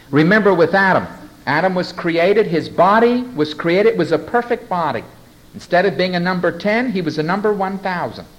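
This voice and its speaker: Dramatic preacher man, loud then hushed. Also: a little high, low-quality recording. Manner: dramatic swings between loud emphasis and hushed tones; reads scripture aloud and asks the congregation to turn to a passage. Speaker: pastor. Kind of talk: sermon.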